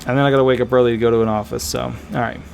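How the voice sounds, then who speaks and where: A man speaking as a disability attorney, giving casual, animated advice to viewers, emphatic and repetitive with frequent fillers. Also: mid-range voice, rapid-fire, vocal fry, slight background noise. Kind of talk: casual advice talk to camera.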